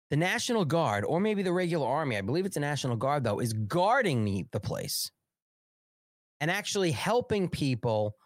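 A man's voice: on the high side, dry recording, clean studio sound. A man hosting a live political talk show, ranting angrily with heavy profanity. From New York. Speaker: host.

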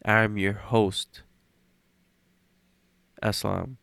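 A man's voice: on the low side, flat delivery, very slow, gravelly, fairly bright tone, no room sound. A man hosting a casual podcast, congested with a cold, laughing often and swearing casually. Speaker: podcast host.

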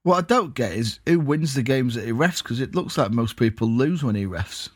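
A man's voice: medium pitch, animated, moderate pace, slightly rough, dry recording, studio quality. Jokey man co-hosting a football podcast. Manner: jokey, laughs at himself. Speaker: podcast co-host. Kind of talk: casual football podcast chat. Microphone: recorded at home.

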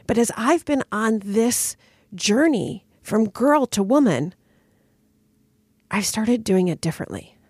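A middle-aged woman hosting a podcast, telling a personal story in a candid, expressive way, her voice a little worn from a recent cold. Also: medium pitch, husky, no echo, studio quality. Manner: candid and expressive, frequent "like" and "right?". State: recovering from a cold. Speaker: podcast host.

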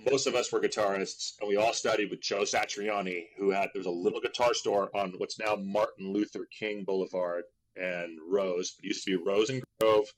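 A middle-aged man from Berkeley, an actor and guest, telling stories in a casual interview, rambling with fillers and leaping in pitch when he acts out voices. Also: moderate pace, rough recording. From Berkeley, California. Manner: animated, acts out quoted voices with big pitch jumps; rambling with many fillers and restarts.

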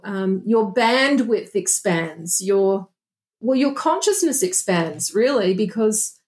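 A woman's voice: medium pitch, a little mellow. A woman guest, a past life regression therapist, speaking earnestly and reflectively in a casual interview, often restarting her sentences. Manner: earnest, reflective, with frequent restarts and "you know".

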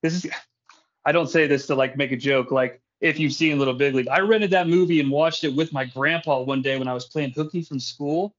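A man hosts a podcast in loose, casual chat, rambling from tangent to tangent and swearing freely. His voice sits a little high. The recording sounds dull and lo-fi. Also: a little fast. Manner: rambling, profane, laughs often. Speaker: podcast host.

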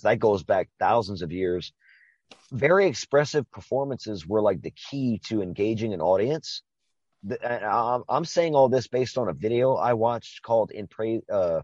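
Profane, husky man rambling about a movie. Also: fairly low pitch, dry recording, muffled recording. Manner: profane, rambling, animated retelling. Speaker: podcast co-host. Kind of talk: casual movie-review chat.

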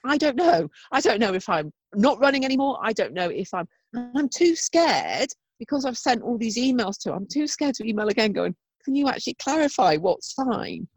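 A woman talks frankly on a podcast, her voice bouncing up and down in pitch as she gets flustered about her plans. The sound is close and dry, with almost no room around her. She swears casually and leans on fillers like "um" and "so". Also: big pitch swings, moderate pace, few pauses, no echo. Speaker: podcast co-host. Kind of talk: casual chat.

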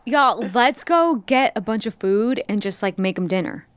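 A woman playing a tabletop game, chatty and quick to laugh. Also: fairly high pitch, expressive, clear, resonant tone, no echo. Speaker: player. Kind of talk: casual tabletop play.

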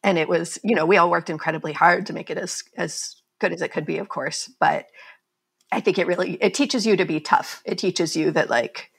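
A woman's voice: lowish voice, a little fast, creaky, slightly rough. A woman author being interviewed, talking candidly and chattily and laughing at herself. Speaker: author guest. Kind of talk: casual conversational interview.

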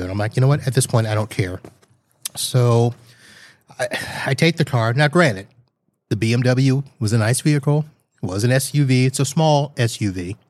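A male podcast host tells a rambling story in a casual, lightly exasperated way. His voice sits at an ordinary middle pitch for a man. The recording is dry and close, with no room sound. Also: darkish tone, dry recording. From Florida. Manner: rambling, lightly exasperated anecdote with quoted asides.

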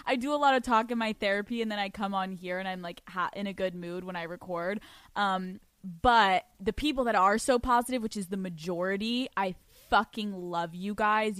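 A young woman hosting her own podcast, swearing freely and laughing as she talks. Her voice sits at an ordinary middle pitch for a woman. The sound is close and dry, with no room echo. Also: a bit bright, clear, resonant tone. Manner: brash, profane and rapid, with frequent laughs. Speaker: podcast host. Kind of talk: solo podcast rant and sex-advice talk.

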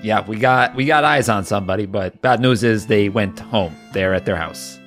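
A man's voice: fairly low pitch, normal speed, fairly bright tone, faint music behind. A man playing a tabletop game, talking in an earnest and friendly way. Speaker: player.

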